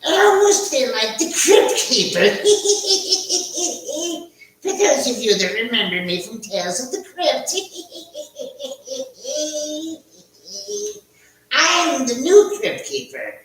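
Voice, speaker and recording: A man's voice: extremely high pitch, big pitch swings, slow pace, fairly bright tone, voice pushed up, exaggerated voice. A man voicing a ghoulish old male crypt keeper who cackles between theatrical lines. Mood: cackling. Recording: echoey room, distant mic.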